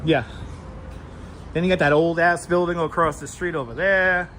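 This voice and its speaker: A man hosts a walking live stream, his voice sitting high for a man. He talks loose and profane on a wireless mic. Faint traffic hum hangs behind him on the street. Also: fairly even intonation, normal speed, a bit bright. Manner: loose and profane, greets viewers. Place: city streets outdoors. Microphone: wireless clip mic. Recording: outdoor street with light traffic noise.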